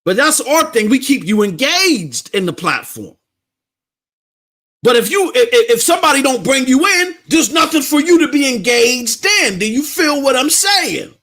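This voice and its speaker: A middle-aged man, hosting a casual live gaming stream, animated and repetitive, laughing often. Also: extremely high pitch, normal speed.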